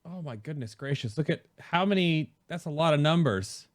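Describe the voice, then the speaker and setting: A man hosting a casual gaming podcast, reading chat aloud, laughing often and reacting in an animated way. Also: fairly high pitch, normal speed. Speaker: podcast host.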